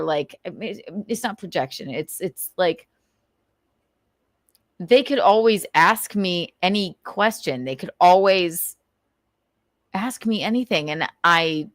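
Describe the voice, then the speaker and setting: A woman's voice: mid-range voice, a bit bright, dry recording, studio quality. A woman hosting a casual livestream, rambling and gossiping, swearing freely as she vents. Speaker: livestream host.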